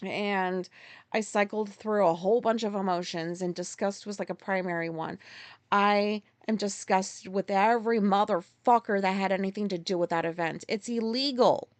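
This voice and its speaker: A woman's voice: mid-range voice, moderate pace, no room sound. Woman host, solo podcast rant, exasperated and profane, dry close sound.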